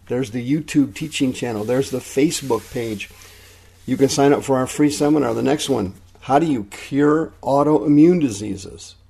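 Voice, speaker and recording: A man's voice: medium pitch, dark tone. A man preaching a radio sermon, teaching with emphatic repetition. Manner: emphatic, repeats key points.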